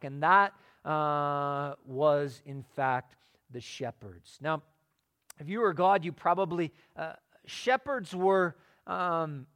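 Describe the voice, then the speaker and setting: A man's voice: high voice, a bit bright, smooth. A man preaching a sermon in a conversational way, asking his listeners rhetorical questions. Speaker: pastor.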